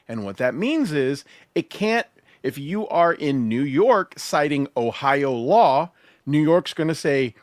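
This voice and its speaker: A man guest explaining legal points in casual commentary, animated and profane, often laughing. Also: a little high, no echo, studio quality.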